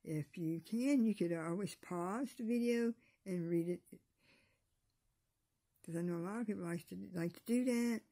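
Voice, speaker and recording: A woman hosting a devotional video who reads Bible verses and prays, repeating encouragements and often dropping into soft whispers. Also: lowish voice, moderate pace. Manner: repetitive, slips into soft whispers; exhorting, encouraging listeners. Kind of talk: Bible reading and prayer.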